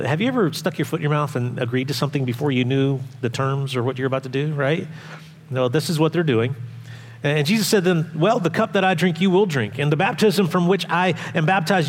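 A male pastor preaching a sermon in an animated way, acting out voices and asking the congregation questions. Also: fairly high pitch, a little fast, big-room sound.

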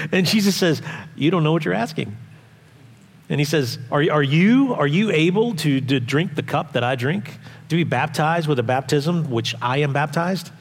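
A male pastor preaching a sermon in an animated way, acting out voices and asking the congregation questions. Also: on the high side, normal speed, long reverb tail.

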